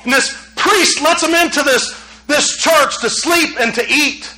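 A man's voice: very high voice, measured pace, rough recording. A man preaching a sermon, telling stories animatedly and acting out quotes. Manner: animated storytelling with acted quotes, rising to near shouts.

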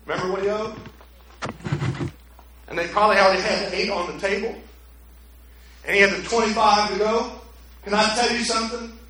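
Male preacher, high voice, dramatic storyteller, very roomy sound. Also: steady tone, a little fast, long pauses. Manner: dramatic storytelling, swinging from hushed to loud. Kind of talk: sermon.

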